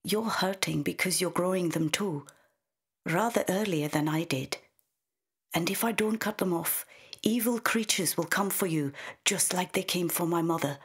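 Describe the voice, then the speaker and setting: A woman reads the part of a weary, protective mother, soft and hushing, in a low, husky voice. She speaks tenderly to her child in a quiet storybook scene. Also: moderate pace. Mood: confiding.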